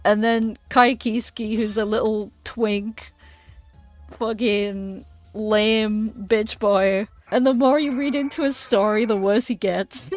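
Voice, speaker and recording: Giggly young woman on a game stream, swears a lot, talks kinda slow. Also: mid-range voice, soft background music. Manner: giggly, animated, swears freely. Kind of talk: casual game stream chat.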